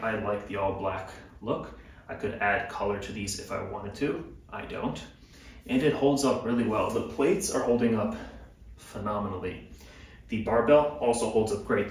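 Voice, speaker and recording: Lower-voiced man in a very echoey room. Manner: relaxed and upbeat, explaining while handling gear. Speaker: fitness vlogger. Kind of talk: casual how-to demonstration. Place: indoor home gym. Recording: very echoey room, distant mic, faint noise.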